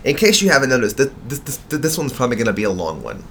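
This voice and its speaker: A man's voice: medium pitch, big pitch swings, rapid-fire, noisy background. Joking, swearing man on a podcast. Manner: swears freely, loose and joking. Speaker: podcast co-host. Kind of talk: casual chat.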